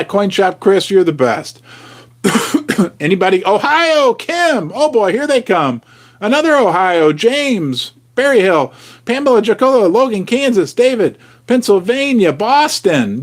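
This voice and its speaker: A man hosting a casual livestream, jokey and animated, reading out viewer comments. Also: sits high. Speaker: host.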